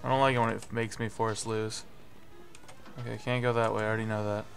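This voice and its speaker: A young man doing live gameplay commentary, swearing and getting frustrated, with sudden yelling bursts. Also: on the low side, little pitch movement, a little fast, gravelly. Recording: faint music behind.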